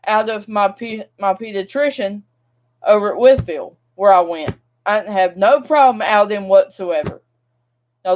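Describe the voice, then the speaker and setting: Young adult woman, mid pitch; casual rambling vlog rant, exasperated, talks straight to viewers. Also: a little hiss or hum. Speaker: vlogger.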